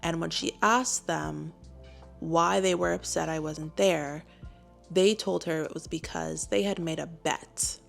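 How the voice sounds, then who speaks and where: A young woman, a clinical psychologist, chatting casually in a storytime video, full of fillers and lively quotes. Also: sits low, a little slow, creaky, soft background music. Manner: chatty, lots of fillers, animated quoting.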